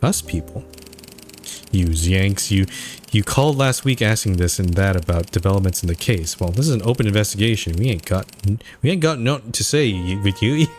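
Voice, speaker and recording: Rude, gruff Irish desk sergeant played by a man in a rough put-on accent, low-pitched, with faint music beneath. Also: moderate pace, few pauses, darkish tone, lightly acted. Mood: irritated.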